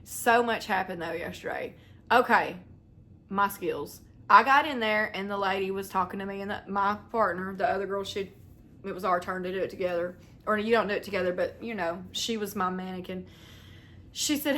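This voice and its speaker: A woman's voice: medium pitch, normal speed, bright, forceful tone. A young woman, telling a long story to her viewers in a chatty, rambling way and acting out the voices of the people in it. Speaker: vlogger. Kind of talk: casual storytelling to camera.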